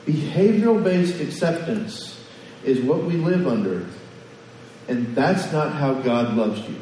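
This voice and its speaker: A man's voice: mid-range voice, sing-song, moderate pace, dark tone, recorded from a distance, a little hiss or hum. Man preaching in an echoey hall. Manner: conversational preaching with questions to the congregation. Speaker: pastor. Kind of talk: sermon.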